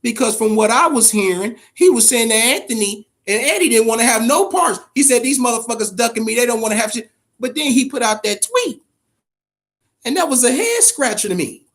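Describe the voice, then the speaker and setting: A man's voice: extremely high pitch, very animated, moderate pace, a bit bright. A man hosting a boxing podcast, talking in a loose, profane, emphatic way and repeating words as he gets going. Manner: addresses chat viewers directly. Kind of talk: casual live-stream commentary.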